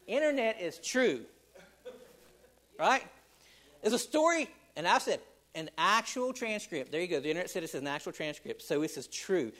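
Animated, high-voiced male preacher. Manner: animated, conversational, joking with the congregation. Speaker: pastor. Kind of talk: sermon.

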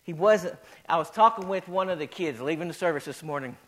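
A man's voice: on the high side, animated, fairly quick. A male pastor preaching a sermon in a folksy way, repeating phrases as his voice swells and drops.

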